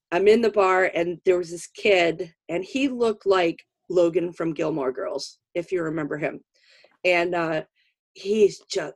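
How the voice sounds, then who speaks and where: A middle-aged woman hosting a podcast, telling stories in casual chat and laughing often. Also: lowish voice. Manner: animated storyteller, laughs often. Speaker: podcast host.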